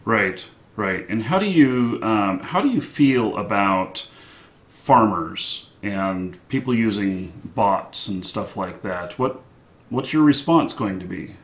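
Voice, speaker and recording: A man interviewing a game designer, asking long, halting questions. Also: lowish voice, expressive, roomy sound. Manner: halting, searching for words.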